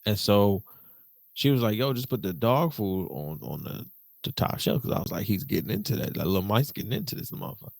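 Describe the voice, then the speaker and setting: Animated young podcast host. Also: male voice, a little fast, creaky, no room sound, studio quality. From Detroit. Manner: animated and slangy, jumps to high excited pitch, mimics voices. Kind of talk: casual solo podcast storytelling.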